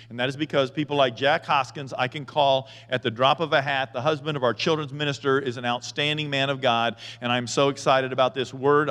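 A man's voice: medium pitch, a bit bright, big-room sound. A man speaking as pastor to his church, earnest and grateful in a plain-spoken way. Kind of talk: heartfelt church address. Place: church sanctuary.

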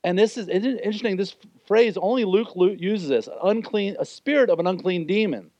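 A man's voice: high-pitched, fairly quick, darkish tone, dry recording. A man preaching a sermon as pastor, explaining scripture in an earnest way and briefly acting out the voices he quotes.

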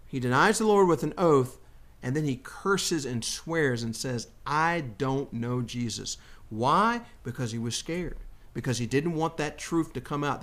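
A man hosting a Bible discussion, teaching conversationally and acting out the quoted lines. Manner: animated, acts out quotes with rising pitch. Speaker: Bible study host.

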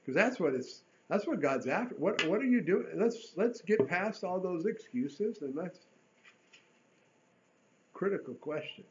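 Man preaching, earnest, fairly high voice, emphatic bursts and hushed drops, dull lo-fi sound. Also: lively intonation, unhurried. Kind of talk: sermon.

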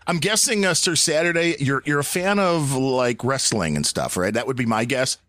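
A man's voice: mid-range voice, expressive, normal speed, fairly bright tone, dry recording, clean studio sound. A man joining a casual podcast chat, earnest and conciliatory. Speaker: podcast guest. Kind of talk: casual live-stream chat.

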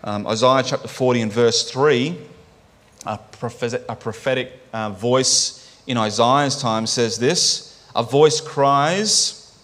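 A man's voice: mid-range voice, steady tone, slow pace, fairly bright tone. A man preaching a sermon in a conversational way, often checking in with "right?" and restarting his phrases.

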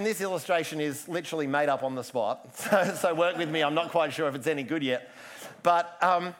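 Male pastor, relaxed joking sermon, tenor-ish voice, frequent asides. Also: on the high side. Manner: chatty, self-interrupting, joking asides.

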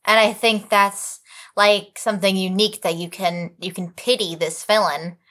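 A woman co-hosting a casual chat, teasing with quick quips. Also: mid-range voice, fairly even intonation, a bit bright. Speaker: podcast co-host.

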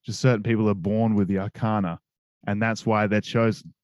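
Brief: young Aussie male guest, opinionated and sweary, mid pitch, dry close sound. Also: fairly even intonation, fairly quick, a little mellow, no room sound. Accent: Australian. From Perth, Australia. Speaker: podcast guest. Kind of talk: casual chat.

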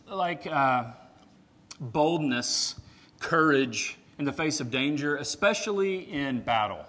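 A man preaching a sermon in a conversational, animated way, swinging from loud emphatic peaks to quiet asides. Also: medium pitch, slow pace. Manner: animated, conversational, with frequent "right?" and "like".

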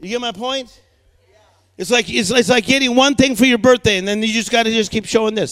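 Middle-aged male preacher, very high voice, dry sound, storytelling and call-and-response, repeats words in a hammering rhythm. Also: brisk, fairly bright tone, no room sound. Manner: emphatic, rhythmic repetition of words. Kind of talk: energetic sermon.

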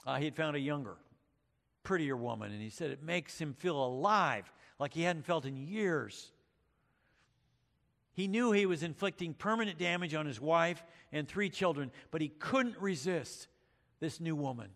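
A man's voice: a little high, expressive, moderate pace, creaky, fairly bright tone, long reverb tail. A male pastor preaching a sermon, reading scripture and retelling stories with dramatic emphasis, with occasional fillers. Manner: uses fillers like uh and um.

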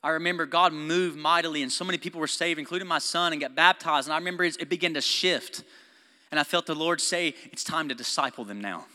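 A male pastor preaches to his congregation in a church hall with a long reverb tail. His voice sits a little high and sounds bright and forceful. He swings from loud, stirring exhortation to quiet, close talk, laughing and throwing asides to the room. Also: fast. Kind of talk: sermon. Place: church sanctuary.

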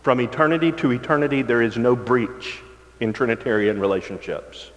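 A man preaching a sermon as pastor, reading scripture slowly and swinging between forceful emphasis and hushed, low passages. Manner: dramatic shifts from loud emphasis to hushed low tones; slow, drawn-out scripture reading. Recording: long reverb of a large hall.

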